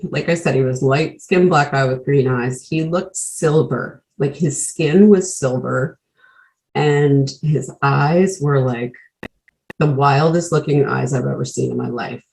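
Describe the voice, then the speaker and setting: Creaky-voiced woman telling her story bluntly. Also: very deep voice, measured pace, darkish tone, rough recording. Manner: blunt, swears freely, leans on "like" fillers. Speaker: speaker sharing her recovery story. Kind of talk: candid personal storytelling. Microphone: video call.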